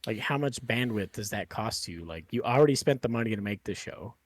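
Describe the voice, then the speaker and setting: A man's voice: fairly low pitch, animated, a little fast, no echo. A man hosting a podcast, chatting casually in a rambling way with lots of fillers and swearing. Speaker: podcast host.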